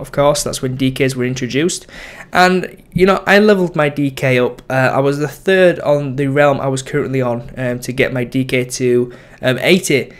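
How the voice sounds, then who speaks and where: A young man chats casually about his game character. His voice sits at an ordinary middle pitch. He rambles, trails off, and corrects himself as he goes. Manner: rambling, lots of ums and self-corrections. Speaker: gaming YouTuber. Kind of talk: casual gameplay commentary.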